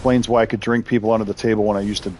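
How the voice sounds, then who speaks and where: A man's voice: fairly low pitch, flat delivery, very fast, darkish tone, slight background noise. A man hosting a live game stream, chatting casually with viewers, rambling and laughing often as he reacts to their messages. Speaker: live-stream gamer host.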